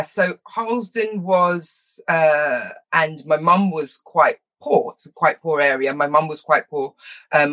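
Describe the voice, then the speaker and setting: A middle-aged woman from tells her life story in an interview, and her voice is bright and forceful. Her carries a lively, self-mocking manner. She laughs often and slips into quick impressions. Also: low voice. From London, England. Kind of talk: personal storytelling in conversation.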